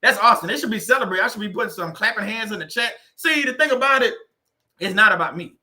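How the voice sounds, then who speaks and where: A man's voice: sits high, lively intonation, quick pace, pushed and bright. A man hosting a casual livestream, laughing often and reading viewers' comments aloud. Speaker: livestream host.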